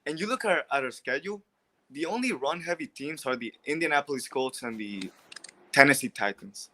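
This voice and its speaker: Eager male caller with a bright voice. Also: fairly high pitch, lively intonation, fairly quick, low-quality recording. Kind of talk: casual call-in chat.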